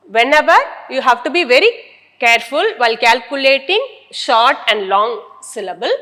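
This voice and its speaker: A woman's voice: high-pitched, a bit bright, in a large hall. A woman teacher, lecturing a class and explaining step by step while she repeats key terms.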